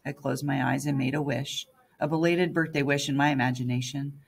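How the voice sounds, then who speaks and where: A woman's voice: very deep voice, fairly even intonation, a little fast, gravelly, husky. A woman narrating an audiobook in the first person as a young girl.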